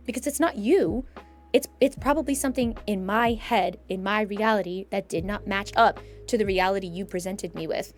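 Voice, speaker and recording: A woman's voice: a little high, moderate pace, faint music behind. A woman in casual chat about mental health, answering chat questions emphatically and acting out her own inner thoughts.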